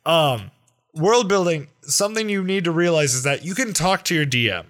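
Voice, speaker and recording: A man co-hosting a casual podcast chat, talking fast and animated, cutting in and swearing freely. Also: a little high. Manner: quick, animated, swearing, talks over his partner. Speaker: podcast co-host.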